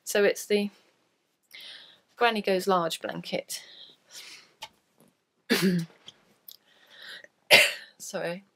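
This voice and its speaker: Brief: woman podcast host, rambling crafty chat, a bit croaky with a cold, gravelly edge. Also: medium pitch, fairly even intonation, extremely slow, pauses often. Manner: chatty and rambling, self-deprecating. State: coughing from a cold. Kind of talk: casual chat.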